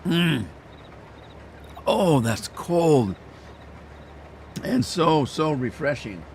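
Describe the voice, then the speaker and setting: Male gaming streamer, folksy and rambling, scratchy throat he keeps clearing, casual live chat. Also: a little high, big pitch swings, very slow, darkish tone. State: throat irritated, clearing throat often. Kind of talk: casual chat to live viewers while playing.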